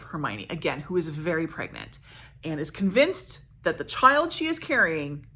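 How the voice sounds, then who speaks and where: A woman's voice: on the low side, sharp tone, husky. A woman vlogger casually summarizing a plot, chatty and correcting herself as she goes. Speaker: book vlogger.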